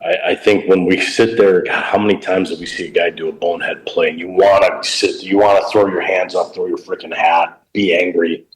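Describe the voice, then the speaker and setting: Speaking low and steady at a brisk clip with few pauses, a middle-aged pro baseball coach tells coaching stories as a guest in a casual interview. His manner is plain-spoken. Crowd noise is audible, and the recording is rough.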